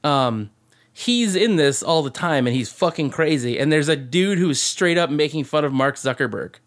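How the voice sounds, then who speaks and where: Man, podcast host, fairly high voice, rambling, swears a lot. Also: animated, moderate pace. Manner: rambling, profane, laughing storyteller. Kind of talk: casual podcast chat.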